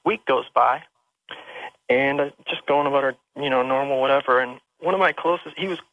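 A man's voice: mid-range voice, fairly quick. A man calling into a radio show over the phone, telling a personal ghost story in a rambling, emotional way with many restarts. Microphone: telephone. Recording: dull lo-fi phone line.

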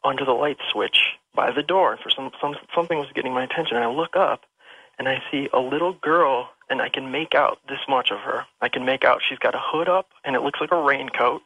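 Male caller on a dull, lo-fi phone line with a gravelly, mid-pitched voice; rambling storyteller who restarts often. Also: brisk, no room sound. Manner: rambling, emotional, with many restarts. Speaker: radio show caller. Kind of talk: telling a personal ghost story. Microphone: telephone.

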